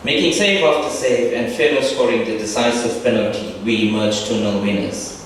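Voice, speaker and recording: In a large echoey hall, a middle-aged man shares a reflective reunion tribute told with warm humor. He speaks at medium pitch and a moderate pace, captured from a distance with faint ambience and background noise.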